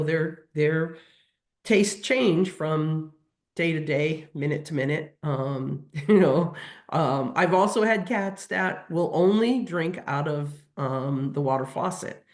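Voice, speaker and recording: In a deep voice, a woman working as a veterinary nutrition technician responds to webinar audience questions, hesitantly, with frequent fillers and restarted sentences.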